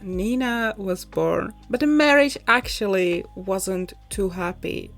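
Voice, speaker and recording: Chatty young woman narrating casually. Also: mid-range voice. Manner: chatty, laughs often, slightly rambling. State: a little out of breath. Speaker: YouTuber. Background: soft background music.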